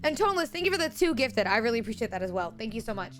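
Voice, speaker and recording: High-voiced animated woman streamer. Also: quick pace, hardly any pauses, soft background music. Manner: animated storytelling, incredulous rants. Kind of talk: casual chat with viewers.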